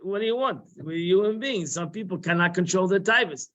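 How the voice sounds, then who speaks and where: High-voiced man teaching a Torah class. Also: animated, brisk, a bit bright. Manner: conversational, repeats phrases, sprinkles Hebrew and Yiddish terms. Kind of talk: informal religious lesson. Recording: muffled live-stream audio.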